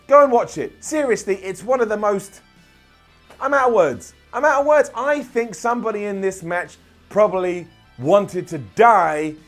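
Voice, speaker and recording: A young man with a high, bright-edged voice, delivering an opinionated recap in an animated, sarcastic way. Light music plays underneath his voice. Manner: sarcastic, animated, jokey asides. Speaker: wrestling show reviewer.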